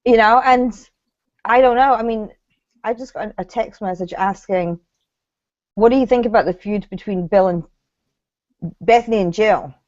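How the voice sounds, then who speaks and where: A woman's voice: medium pitch, moderate pace, pauses often, a little mellow, no echo, lo-fi sound. A woman co-hosting a casual chat about reality TV, blunt and opinionated, swearing freely. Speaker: co-host.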